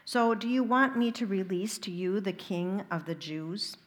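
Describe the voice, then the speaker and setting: A woman's voice: mid-range voice, fairly even intonation, measured pace, close to an everyday voice. A woman reading the part of a questioning male Roman governor in a liturgical Gospel reading, with pointed questions and raised emphasis.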